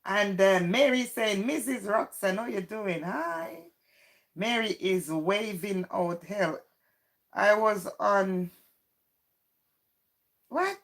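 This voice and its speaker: A woman's voice: mid-range voice, expressive, takes it slowly, creaky, long pauses. A woman hosting a casual live stream, chatty and teasing, greeting viewers by name and reading out their comments.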